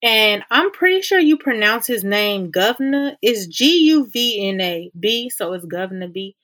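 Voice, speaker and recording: A woman hosts a faith-based self-help podcast in a relaxed, conversational voice. She is encouraging and likes to repeat her main points so listeners can follow along. Her pitch sits in an ordinary middle range. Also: unhurried. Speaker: podcast host.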